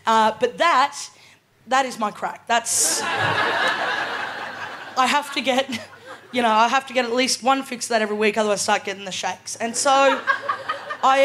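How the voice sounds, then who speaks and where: A woman in her twenties with an Australian accent tells stand-up stories in a chatty, laughing way, often checking in with "right?". Her voice sits a touch high. Faint noise runs underneath the live set. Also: fairly bright tone. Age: 20s. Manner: chatty, laughing storyteller, keeps asking "right?". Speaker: comedian. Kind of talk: stand-up comedy. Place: live comedy venue with audience.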